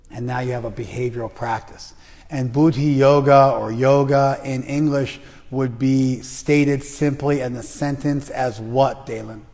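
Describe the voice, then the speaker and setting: A man leads an interactive scripture class with a mid-pitched voice, firing questions at students by name. He pushes them hard and teases them without holding back. His voice carries a long reverb from the room. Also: a little mellow. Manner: blunt, teasing, calls on students by name. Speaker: Bhagavad Gita teacher.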